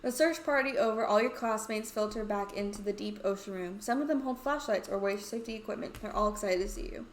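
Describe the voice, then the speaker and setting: A woman's voice: mid-range voice, quick pace, few pauses, echoey room. A woman playing and reading a story game aloud, with playful, chatty asides. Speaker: let's play host.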